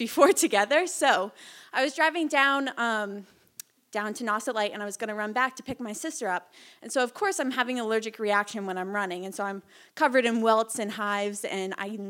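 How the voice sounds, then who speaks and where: A young woman from Massachusetts telling a personal story to a live audience, breathless and animated, with lots of fillers. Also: a little high. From Massachusetts, Cape Cod. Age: young adult. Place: small hall before a live audience.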